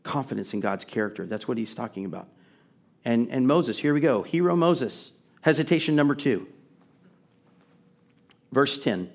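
A man's voice: medium pitch, lively intonation, moderate pace, gravelly, pauses often. A middle-aged man preaching a sermon in a conversational way, building to emphatic, rising questions. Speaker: pastor.

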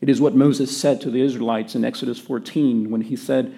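A male pastor delivers an earnest sermon and sinks into quiet tones to stress a point. His voice is warm and dark, with a gravelly edge. The pitch sits in a middle range for a man. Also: steady tone, a little fast, hardly any pauses. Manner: earnest preaching, drops to quiet emphasis.

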